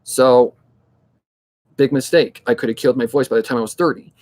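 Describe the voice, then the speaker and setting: A man's voice: mid-range voice, steady tone, fairly quick, a little mellow. A man chatting casually as a hobby narrator, rambling, blunt and swearing freely, giving pep-talk advice and repeating himself. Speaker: fan audiobook narrator.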